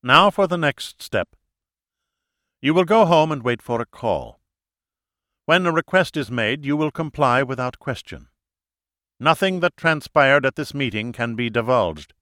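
A man's voice: medium pitch, expressive, measured pace, pauses often, a bit bright, no echo, clean studio sound, pitched above the performer's own voice. A man reading an audiobook who voices a ruthless, commanding woman at the head of a secret cabal, giving cold, imperious orders.

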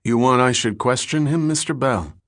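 A man's voice: mid-range voice, moderate pace, a bit bright, no echo, clean studio sound, pitched above the performer's own voice, lightly acted. A man doing a blunt working-class guard. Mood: casual. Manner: rough slangy grammar.

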